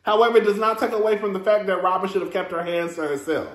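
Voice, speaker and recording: A man's voice: high voice, level tone, fast talker, echoey room. A man, hosting a casual review vlog in a sassy, chatty way, calling listeners "girl" and laughing often. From Texas. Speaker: reality TV reviewer, host.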